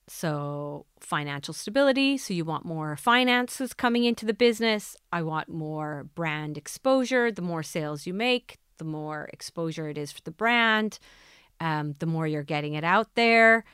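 A woman hosts a motivational podcast, speaking in a rather low, smooth and clear voice. She coaches earnestly, putting question after question to the listener. The sound is dry and close. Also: fairly bright tone, no echo. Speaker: podcast host.

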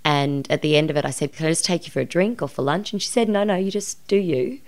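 Low-voiced Australian woman, earnest storytelling. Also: quick pace, a little mellow. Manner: earnest and reflective, recounting emotional events openly. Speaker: guest, actress. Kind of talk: candid personal storytelling in a podcast interview.

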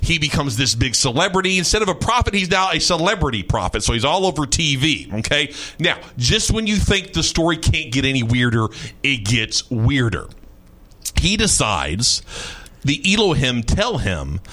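A man hosting a talk radio show, telling a strange story in an animated, mocking way and often repeating his words. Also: fairly high pitch, moderate pace. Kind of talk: casual storytelling chat.

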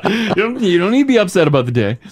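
A man co-hosting a casual radio show, playful and quick to laugh, tossing in jokey asides. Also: high-pitched, very animated.

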